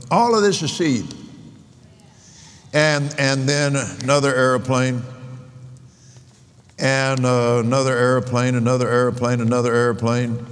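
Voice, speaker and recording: An older man preaching a sermon, telling stories in a slow, rambling way and counting out figures. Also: medium pitch. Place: large convention hall. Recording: long reverb of a large hall.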